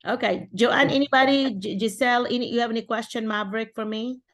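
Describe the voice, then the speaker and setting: In a slightly high, steady voice, a middle-aged woman from the Philippines speaks fast while hosting an online support session. Her advice over the video call is casual and dotted with restarts and fillers.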